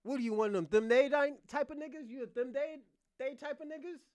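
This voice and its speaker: A man's voice: extremely high pitch, fairly quick, dry recording. A man from Boston hosting a casual live chat, teasing and laughing often. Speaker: livestream host.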